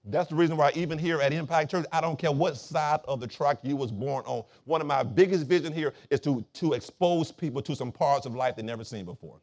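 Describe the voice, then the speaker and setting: A man preaching from the pulpit with a fairly high voice for a man. He calls out to the congregation to answer him, and his voice swells louder when he drives a point home. He was raised in Florida. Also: fairly quick, hardly any pauses. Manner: preaching with call-and-response, swelling loud on key points. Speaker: pastor. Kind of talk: sermon.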